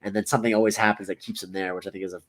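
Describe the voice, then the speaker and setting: Low-voiced man analyzing a film. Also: flat delivery, a bit bright. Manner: measured, analytical, points out details. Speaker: podcast panelist. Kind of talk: casual film discussion.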